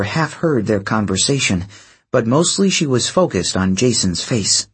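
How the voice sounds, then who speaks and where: A man narrating an audiobook in slow, expressive storytelling. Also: mid-range voice. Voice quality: husky, breathy.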